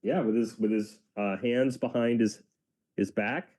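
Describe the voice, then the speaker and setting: A man's voice: fairly low pitch, unhurried. A man who works as a teacher, reading a children's book aloud with playful asides and banter. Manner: playful, animated storyteller.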